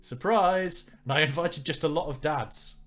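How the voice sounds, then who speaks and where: Man narrating a visual novel on stream, wry and low-key, faint music behind. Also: fairly even intonation, fairly quick, a bit bright. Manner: wry, joking asides. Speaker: let's player. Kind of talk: reading a visual novel aloud with commentary.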